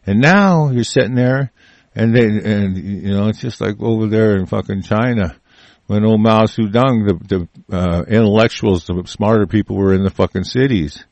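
A man's voice: lowish voice, normal speed, darkish tone, no echo. An older man vlogging a heated, rambling political rant, full of swearing and broken-off restarts.

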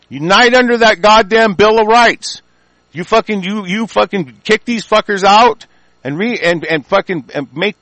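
A man's voice: high voice, a bit bright, no echo, rough recording. A man delivering a profane, rambling, emphatic political rant.

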